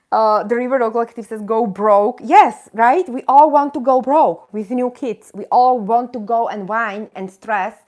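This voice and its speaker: This live stream host has a fairly high-pitched, darkish voice and keeps a measured pace. She vents with indignant emphasis and chats with viewers in self-mocking asides throughout her impassioned rant.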